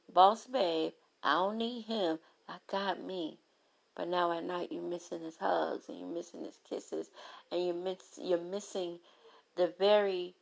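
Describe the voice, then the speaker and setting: Gravelly low-voiced woman, animated storyteller. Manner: animated, lively storytelling with playful asides. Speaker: relationship speaker. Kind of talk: candid motivational talk.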